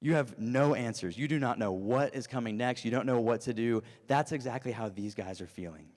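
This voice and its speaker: A man in his thirties preaching an animated, storytelling youth sermon. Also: mid-range voice, a little fast. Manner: animated storytelling, acts out voices. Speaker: youth pastor. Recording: long reverb of a hall.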